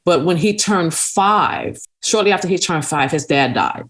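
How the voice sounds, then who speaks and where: A woman's voice: on the low side, lively intonation, a little slow, fairly bright tone. A woman talking as an interview guest, earnestly telling a personal story and often acting out what others said. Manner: earnest, acts out other people's words as she tells her story. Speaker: guest, nonprofit CEO and parent.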